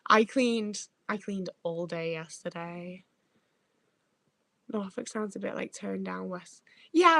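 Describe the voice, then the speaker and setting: In a dry recording, a livestream host with a mid-range, slightly bright voice rambles through casual chat. She swears a lot and keeps interrupting herself, trailing off and starting sentences over.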